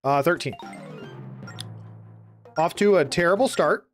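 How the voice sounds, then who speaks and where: A man's voice: a little high, a little slow. A man casually commenting while he plays a game, reading its dialogue aloud and cracking sarcastic jokes. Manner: jokey, sarcastic asides, reads game dialogue in a mock-serious voice. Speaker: streamer playing a game. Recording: faint background game music.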